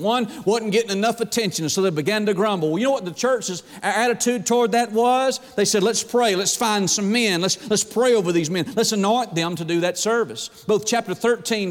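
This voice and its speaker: Brief: pastor, man, animated pulpit delivery, high voice, long church-hall reverb. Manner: animated preaching, dramatizing quoted prayers. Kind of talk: sermon.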